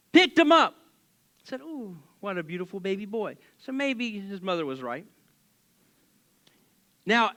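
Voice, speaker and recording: A man preaching as a pastor in a church, telling a Bible story casually with jokes and acted-out voices. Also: high voice. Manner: animated, joking, acts out voices.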